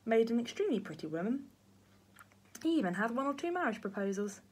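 Storybook grandpa, old ex-pilot, clipped and gallant as a woman puts him on, husky tone. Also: on the high side, sing-song, brisk, a little mellow, voice pushed up. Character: old man, former wartime pilot, plucky.

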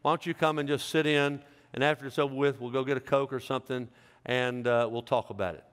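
A man's voice: mid-range voice, steady tone, fast talker, fairly bright tone, clean tone. A middle-aged man preaching a sermon as pastor, in a folksy, joking, conversational way. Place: large church sanctuary. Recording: reverberant church hall.

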